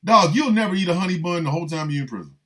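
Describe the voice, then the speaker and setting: An older man hosting a radio show, riffing in an animated, rambling comic monologue full of emphatic repetition. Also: sits high, racing.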